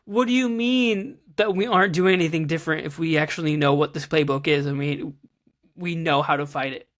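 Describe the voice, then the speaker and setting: High-pitched, exasperated man guest. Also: a little fast, fairly bright tone. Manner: exasperated, laughing often. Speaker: guest, writer and activist. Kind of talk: casual conversation.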